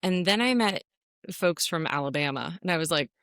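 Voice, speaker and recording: A woman's voice: on the low side, expressive, moderate pace, fairly bright tone, dry recording. A woman from Virginia co-hosting a podcast in casual chat, playful and laughing often. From Virginia, USA. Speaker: podcast co-host.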